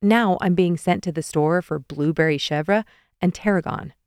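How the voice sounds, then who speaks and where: A woman's voice: lowish voice, moderate pace, clean tone, dry recording, lightly acted. A woman voicing a slightly weary young man who teases dryly, in an audiobook. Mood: mild exasperation. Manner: dry, teasing.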